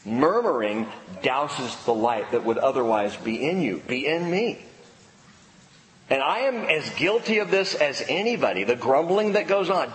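A man's voice: mid-range voice, very animated, measured pace, fairly bright tone, a little hiss or hum. A male pastor preaching a sermon in an emphatic style, fond of rhetorical questions. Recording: echoey hall, faint ambience.

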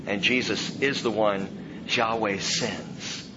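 A man preaching an expository sermon in an animated way, dropping to a hush and rising loud for emphasis. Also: medium pitch, normal speed, lo-fi sound, slight background noise.

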